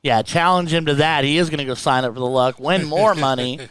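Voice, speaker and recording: A man's voice: a little high, brisk, a bit bright. A man hosting a darts stream, giving casual commentary full of teasing banter. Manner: teasing, banter-heavy, laughs at his own jokes.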